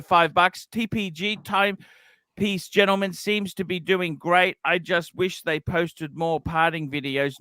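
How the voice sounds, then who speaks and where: A man's voice: on the high side, fairly bright tone, no echo. A man hosting a casual livestream, reading out donations and rambling with many restarts. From Australia. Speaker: livestream host.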